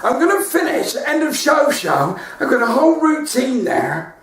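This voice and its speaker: Lively West Country comedian, echoey room. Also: male voice, very high-pitched, normal speed, distant mic. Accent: West Country English. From West Country of England. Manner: chatty, laughs at his own jokes. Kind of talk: live-streamed stand-up comedy chat. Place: his front room at home.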